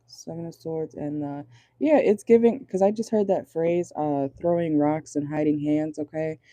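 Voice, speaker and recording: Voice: mid-range voice, moderate pace, warm tone, no room sound. A chatty tarot reader giving a casual, blunt reading from inside a car, swearing freely and laughing often.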